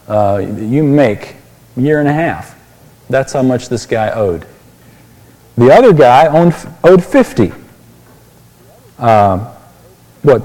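A man's voice: a little high, warm tone, long reverb tail, low-quality recording. A pastor preaching a sermon, explaining a Bible passage and asking his listeners questions.

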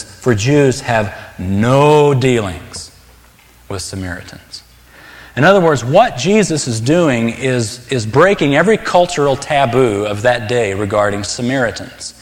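Man preaching in a reverberant hall. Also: medium pitch. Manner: earnest, conversational preaching with emphatic stresses. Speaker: pastor. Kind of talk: sermon.

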